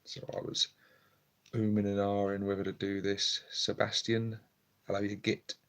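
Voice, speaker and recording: A man chatting quietly and casually on a live stream at home, filmed on his phone, rambling with lots of ums. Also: lowish voice, monotone, normal speed. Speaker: hobby streamer. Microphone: phone camera.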